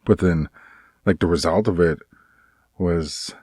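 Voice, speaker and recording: A man talking in a casual personal vlog, rambling and halting with many restarts, earnest and aggrieved. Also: low voice, a little mellow, slightly rough, no echo, studio quality. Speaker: vlogger.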